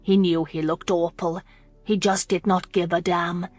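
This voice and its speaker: Lower-voiced woman narrating a romance audiobook. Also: little pitch movement, measured pace, a little mellow, no room sound, soft background music.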